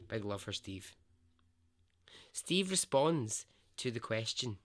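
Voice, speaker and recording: Slow, low-voiced male podcast storyteller. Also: animated, fairly bright tone. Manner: conversational and emphatic, swears freely. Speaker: podcast host. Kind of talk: true-story podcast narration.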